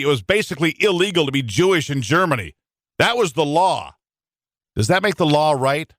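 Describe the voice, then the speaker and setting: A middle-aged man delivers a fiery talk radio rant, hammering his points with repetition. His pitch swings widely as he presses each point. The sound is dry and close, with no room around him. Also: a bit bright, dry recording. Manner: fiery, emphatic, repetitive preaching. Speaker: radio talk show host. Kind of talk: opinionated talk radio monologue.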